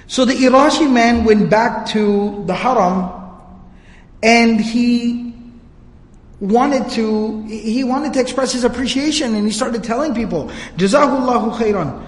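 High-voiced male lecturer in an echoing hall. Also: measured pace. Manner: storytelling, casual asides. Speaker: teacher. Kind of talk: religious history lecture. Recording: echoey hall.

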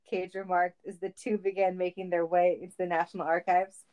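A woman's voice: fairly low pitch, level tone, brisk, a little mellow, clear, resonant tone, muffled recording. A woman reading a comic story aloud in a playful manner. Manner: playful, laughing.

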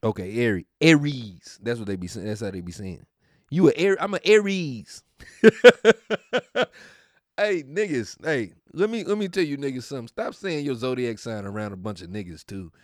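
A man's voice: mid-range voice, very animated, moderate pace, dry recording, clean studio sound. A man hosting a podcast in a casual, profane rant, mocking and often laughing. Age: adult. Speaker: podcast host.

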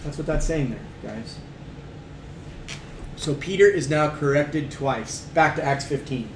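A man's voice: fairly high pitch, a little slow. Emphatic man teaching in an echoey room. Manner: emphatic, asks the group questions, reads verses aloud. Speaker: Bible teacher. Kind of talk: conversational Bible study teaching. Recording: echoey room with faint background hum.

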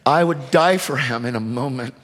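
A man from the United States preaching a sermon, fervent, swinging between shouted calls and hushed storytelling. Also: medium pitch, moderate pace, in a large hall.

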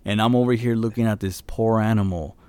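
A man co-hosting a podcast, telling a rambling story in relaxed casual chat with loose grammar. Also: lowish voice, fairly quick, clear, resonant tone, dry recording. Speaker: podcast co-host.

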